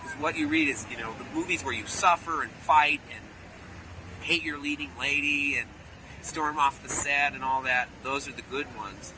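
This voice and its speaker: A man in an animated interview, telling playful stories and slipping briefly into character voices, recorded outdoors near traffic. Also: a little high, normal speed. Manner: playful storyteller who slips into character voices. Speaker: actor interviewee. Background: street and car noise.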